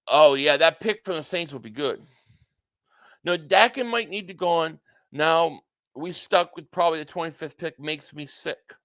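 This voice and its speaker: A man with a high voice, hosting a live football reaction stream. His tone is bright and forceful. He reads out viewer messages and rants bluntly, with some cursing. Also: normal speed. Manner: excitable, blunt, ranting, profane. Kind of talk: live sports reaction stream, reading super chats.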